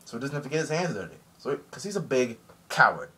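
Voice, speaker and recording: A man's voice: mid-range voice, fast talker. Man doing a cold menacing admiral. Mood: scornful. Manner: flat scornful threats.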